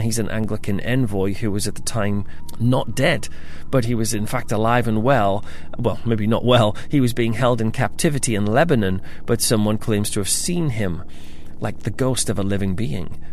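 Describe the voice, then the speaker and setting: A man's voice: fairly low pitch, a little hiss or hum. A man hosting a podcast, chatting through his topic with self-deprecating asides. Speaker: podcast host. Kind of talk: casual scripted podcast talk.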